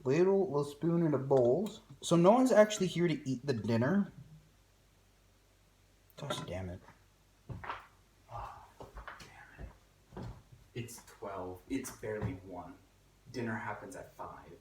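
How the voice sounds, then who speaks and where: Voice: mid-range voice, expressive, unhurried, long pauses, mellow, slight background noise. Rambling, self-mocking home cook vlogging. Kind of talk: casual cooking vlog chatter. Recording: echoey room with faint music.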